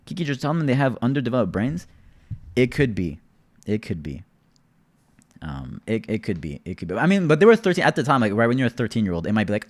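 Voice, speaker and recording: A man's voice: mid-range voice, sing-song, fast, darkish tone. A young man streaming, talking casually to his chat in an exasperated, rambling rant full of filler words. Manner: exasperated, rambling, peppered with "bro" and "like".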